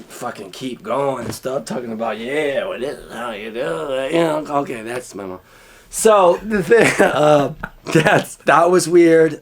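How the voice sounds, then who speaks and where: A man telling a personal story to the camera in a candid, rambling way, swearing freely. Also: medium pitch. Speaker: vlogger.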